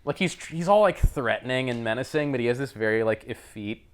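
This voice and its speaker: Male podcast co-host; animated, lively intonation, quick to laugh. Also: medium pitch, clear, resonant tone. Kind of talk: casual film-discussion chat.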